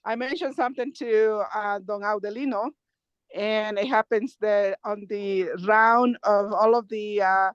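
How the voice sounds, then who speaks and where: A woman, out of breath, calling in by phone from the mountains, laughing often and talking in halting bursts. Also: mid-range voice, steady tone, clear, resonant tone, dry recording. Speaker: nonprofit co-founder giving a remote update. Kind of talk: casual talk over a video call. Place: outdoors in the mountains. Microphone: phone on a video call. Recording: dull lo-fi video call audio.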